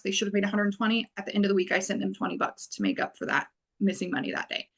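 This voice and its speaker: Woman, business owner guest, rambling and wordy, casual podcast chat. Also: medium pitch. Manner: wordy, rambling, many fillers.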